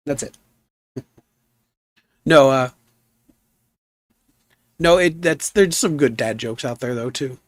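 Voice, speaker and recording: Easygoing man with a rough voice. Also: fairly high pitch, fairly even intonation, moderate pace, long pauses, dry recording, studio quality. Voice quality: rough, gnarly voice. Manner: easygoing, rambling, reads chat aloud. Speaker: game streamer. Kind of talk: casual live-stream chat.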